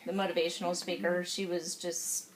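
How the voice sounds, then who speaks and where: A woman's voice: on the low side, flat delivery, moderate pace. A woman, a sales consultant, talking casually and emotionally to her group, searching for words as she gushes. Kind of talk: casual group sharing at a meeting. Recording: noisy room recording.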